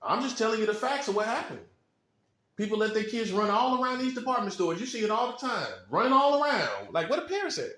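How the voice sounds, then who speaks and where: A man's voice: high-pitched, roomy sound. A man giving an informal preaching monologue, blunt and repetitive, with slang and chuckles. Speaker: self-styled prophet.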